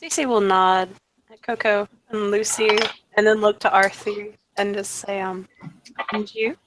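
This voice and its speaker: A woman narrating her character's actions in a tabletop role-play, hesitant and soft. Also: mid-range voice, steady tone, measured pace, slight background noise, rough recording. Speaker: tabletop player.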